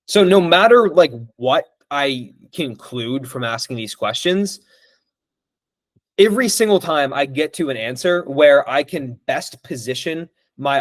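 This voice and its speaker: A man's voice: medium pitch, dry recording. A young man coaching on sales in a casual monologue, acting out both sides of sales calls and using many fillers.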